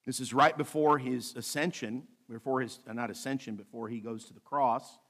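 A male pastor delivering a sermon, reading scripture slowly and adding light asides with a bit of humor. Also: mid-range voice, bright, forceful tone. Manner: preaching with light humor, slows to read scripture aloud.

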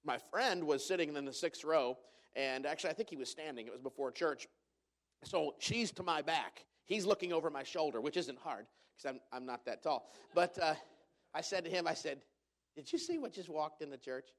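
A man's voice: on the high side, moderate pace. A middle-aged male pastor giving a sermon in a church auditorium, telling family stories with humor and many fillers and restarts.

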